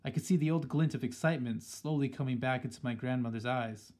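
A man reading a children's story aloud in a steady, plain storytelling manner. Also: mid-range voice, fast talker. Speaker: audiobook reader. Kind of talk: storybook narration.

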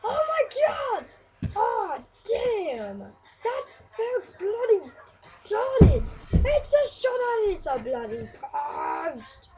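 Super high pitched woman gaming, yelling at the game and swearing, slow drawn out talk. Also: very animated, highs cut off, faint music behind. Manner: exclaims and swears at the game, mock play-by-play calls. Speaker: gameplay commentator. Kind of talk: excitable gameplay commentary.

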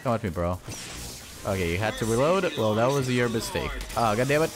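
A man talks through a shooter game, his voice leaping around from mutters to high, frustrated yells. He swears freely, and game music plays behind him. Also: normal speed. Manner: excitable, swearing, yelling at enemies. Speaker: gaming channel host. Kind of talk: let's play commentary.

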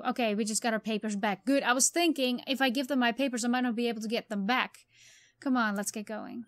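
A woman's voice: fairly high pitch, fairly even intonation, quick pace, no echo, studio quality. A woman playing a game and reading its dialogue aloud, with asides to her viewers. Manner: reads dialogue with light reactions and asides. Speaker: game streamer.

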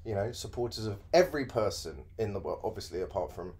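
A man's voice: fairly low pitch, animated, fast, a little mellow. A man hosting a podcast, chatting casually and cracking dry jokes with a co-host. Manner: dry joking, laid-back banter. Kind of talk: casual chat.

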